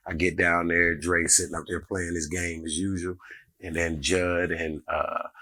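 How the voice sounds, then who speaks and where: A middle-aged man, a comedian, telling a story in a casual, animated way and acting out the people in it. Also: sits low, unhurried. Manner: animated, acts out every character in the story.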